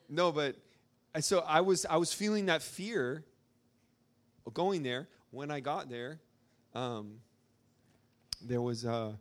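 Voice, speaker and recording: This young man from Arkansas speaks slowly with long pauses, in a fairly high-pitched voice. Addressing a live audience at a church gathering, he rambles informally through a story heavy with fillers.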